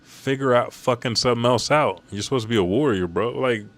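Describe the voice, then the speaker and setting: A man hosting a channel, recapping a manga chapter in a casual, excited way, swearing freely and talking back to the characters. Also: medium pitch, quick pace.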